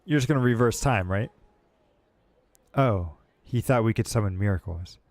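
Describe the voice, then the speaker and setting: American male game streamer, joking casual commentary, fairly low voice, faint game music. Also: moderate pace, a little mellow, no echo. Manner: joking, chatty.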